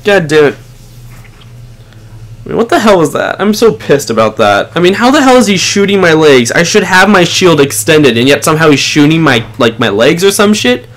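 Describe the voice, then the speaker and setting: A young man commentating his own online shooter match, muttering low, then swearing and yelling at teammates in frustration. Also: big pitch swings, fairly quick, hardly any pauses. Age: young adult. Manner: swings between muttering and shouting in frustration, swears a lot. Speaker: gaming channel host. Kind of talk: live gameplay commentary.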